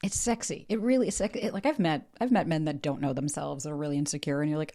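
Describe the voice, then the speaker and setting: Chatty woman podcast host, lowish voice. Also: fast. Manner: chatty, animated, swears casually. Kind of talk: casual podcast interview.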